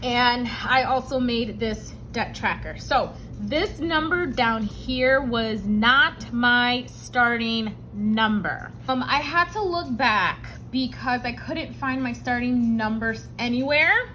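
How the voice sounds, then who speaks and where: A woman's voice: fairly high pitch, lively intonation, slow pace, bright, forceful tone, slight background noise, poor audio. A woman hosting a budgeting vlog, telling a personal story with emotion and calling her viewers y'all. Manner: emotional, tearful at times, addresses viewers as y'all. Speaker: budgeting channel host.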